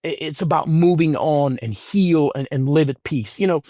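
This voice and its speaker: A middle-aged man, a guest on an interview show, tells a personal story in an earnest, heartfelt way, often halting and restarting his sentences. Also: fairly high pitch, mellow, no room sound, studio quality.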